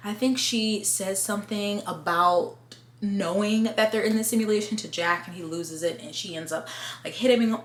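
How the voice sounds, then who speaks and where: A woman's voice: fairly low pitch, a bit bright. A young woman casually recapping a film in a chatty, rambling way, full of fillers. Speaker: video creator recapping a film. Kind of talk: casual chat. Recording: echoey room with faint hum.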